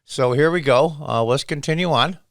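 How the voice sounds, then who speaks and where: Man, casual recap host, conversational, smooth voice, dry close sound. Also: on the high side, normal speed, no echo. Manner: conversational, retelling scenes with quoted lines. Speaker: show host.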